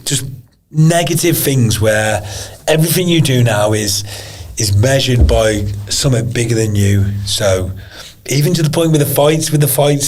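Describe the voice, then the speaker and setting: A man's voice: medium pitch, a little mellow. A man, a professional fighter, talking in a casual interview in a blunt, earnest way and swearing freely. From England. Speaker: podcast guest, pro MMA fighter.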